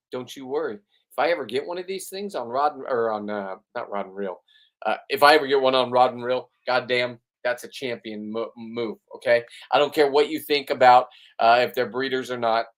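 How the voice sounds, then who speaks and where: A man's voice: fairly high pitch, fairly bright tone. Man, middle-aged, brash, boastful, swearing, fishing boat commentary. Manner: brash, swaggering, profane. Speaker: fishing channel host.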